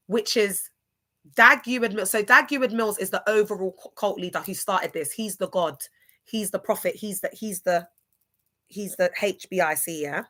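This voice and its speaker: Bright, gossipy woman streaming. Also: mid-range voice. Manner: gossipy, rambling, spells out words. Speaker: livestream host. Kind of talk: casual livestream commentary.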